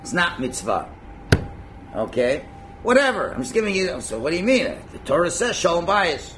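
A man teaching a religious class in a lively, conversational way, acting out little scenes and chuckling at his own points. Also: fairly high pitch, moderate pace, noisy background. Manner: animated, acts out quotes, chuckles at own points. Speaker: Torah teacher.

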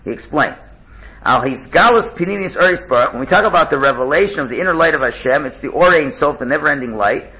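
A man's voice: a little high, lively intonation, fast talker. Man teaching a text, dull lo-fi sound. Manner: restarts and repeats words, glosses Hebrew terms in English. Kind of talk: text-study lesson with stories.

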